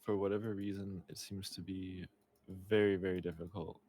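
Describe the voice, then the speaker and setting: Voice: low-pitched, little pitch movement, normal speed, mellow, slight background noise. A co-streamer chatting casually and making dry, reflective remarks.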